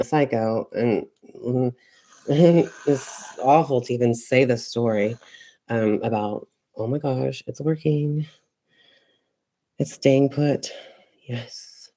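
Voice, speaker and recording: Rambling, swearing man with a mellow voice. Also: mid-range voice. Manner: rambling, swears freely, many fillers. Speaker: psychic vlogger. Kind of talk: rambling casual monologue while crafting.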